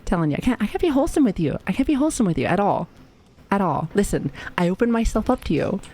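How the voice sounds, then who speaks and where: A woman's voice: medium pitch, big pitch swings, quick pace, dark tone. Foul-mouthed laughing woman streamer. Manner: profane, joking, laughs often. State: recovering from illness. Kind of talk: casual live-stream chat.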